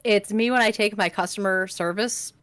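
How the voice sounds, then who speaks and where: A woman's voice: mid-range voice, normal speed, a bit bright. A woman co-hosting a stream who voices characters, explaining her process plainly in casual chat. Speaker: streamer co-host, voice actor.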